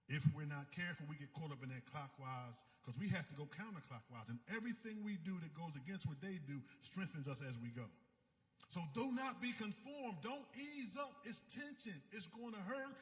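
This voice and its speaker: A man's voice: fairly high pitch, lively intonation, normal speed, in a large hall. A man giving a fervent, preacher-like recovery talk, rising and falling as he speaks.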